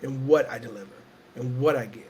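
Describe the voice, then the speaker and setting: Speaking fairly quickly in a medium-pitched voice over a little hiss or hum, this Houston man is a guest storyteller and entertainer being interviewed. He sounds emotional and nearly in tears, searching earnestly and reflectively, and often repeats himself.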